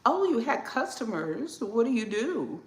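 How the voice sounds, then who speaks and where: Midwest woman doing a kitchen live stream, slow and chatty, lots of ums, gravelly, echoey room. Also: fairly high pitch, very animated. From southern Illinois, Midwest. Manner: unhurried, chatty, answers viewers with frequent fillers. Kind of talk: casual live-stream chat reading viewer comments. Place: home kitchen.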